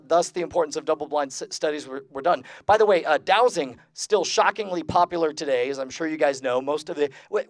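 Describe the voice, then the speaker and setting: A man's voice: a little high, dry recording. A man giving a live convention lecture to an audience in a casual, jokey, profane way, with lots of filler sounds. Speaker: lecturer and magician. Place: convention talk before an audience.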